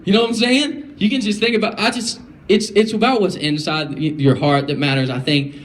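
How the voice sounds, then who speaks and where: A man's voice: high voice, steady tone, fairly quick, a bit bright. A young man giving a casual, conversational talk to students, full of fillers and restarts and questions to the audience. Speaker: guest speaker. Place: school classroom or hall.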